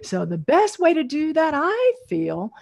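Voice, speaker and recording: A woman's voice: high voice, wildly swooping pitch, measured pace, gravelly, a little mellow. A middle-aged woman, leading an online storytelling workshop over a video call, encouraging and laughing often.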